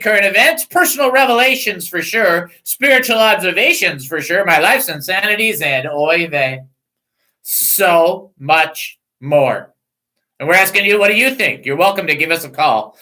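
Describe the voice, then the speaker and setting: A middle-aged man hosts a casual talk radio show, joking and rambling in a self-mocking way while slowly reading out phone numbers. His voice is high with a sharp tone, and the recording is rough.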